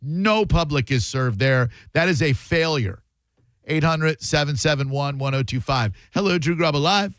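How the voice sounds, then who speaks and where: A man's voice: on the high side, normal speed, a bit bright, no room sound. A man hosting a call-in talk radio show, blunt and opinionated.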